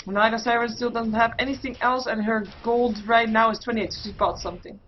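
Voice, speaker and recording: A woman casting an online game match solo, calling the action play by play and getting louder in the fights. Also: a little high, a little hiss or hum. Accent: Dutch. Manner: rapid play-by-play, excited bursts in fights, many fillers. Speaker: esports caster. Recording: muffled lo-fi stream audio.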